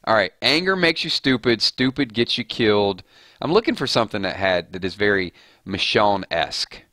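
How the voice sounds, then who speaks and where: A man's voice: lowish voice, sing-song, moderate pace, pushed and bright, dry recording, clean studio sound. A man hosting a casual livestream, reading out viewers' rhymes and playfully judging them. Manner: playful, reads chat rhymes aloud and judges them. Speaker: livestream host.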